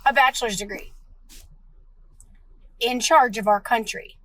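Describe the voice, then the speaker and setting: A woman's voice: a little high, measured pace, bright, forceful tone, no echo, poor audio. A woman ranting in an online video, indignant, firing rhetorical questions.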